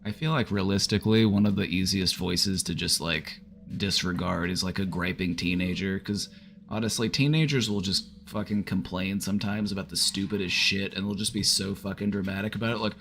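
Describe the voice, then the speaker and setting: A man's voice: deep voice, fairly even intonation, fairly quick, vocal fry, fairly bright tone, a little hiss or hum. A man giving casual advice on a live stream at home, talking loosely with lots of "like" and some swearing. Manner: casual, frequent filler "like", swears. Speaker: therapist streamer. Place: home, with his dog.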